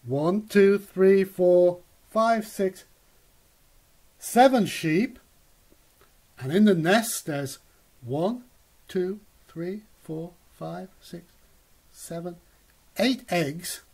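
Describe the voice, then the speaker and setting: A man reads a children's picture book aloud, taking his time over every line. His voice is husky and a little higher than most, and he lets it swoop up and down like a storyteller. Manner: slow, animated storytelling. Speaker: reader.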